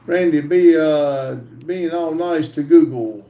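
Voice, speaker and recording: A man hosting a livestream, reading viewer chat aloud in a slow, halting way with frequent "uh" fillers. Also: on the high side, dark tone, roomy sound, distant mic. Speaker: livestream host.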